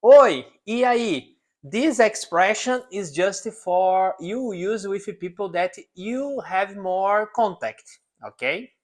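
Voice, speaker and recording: Man, southern Brazilian accent, native Portuguese speaker, language teacher, slow deliberate pace, repeats words for learners. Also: high-pitched, expressive. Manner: repeats words slowly for the learner and tags lines with "okay?". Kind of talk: beginner language lesson.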